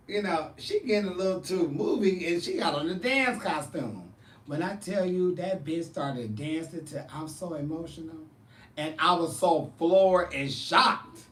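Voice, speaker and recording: Animated man telling profane stories. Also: sits high, unhurried, reverberant, far from the mic, slight background noise. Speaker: drag performer and show host. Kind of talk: casual chat answering viewers.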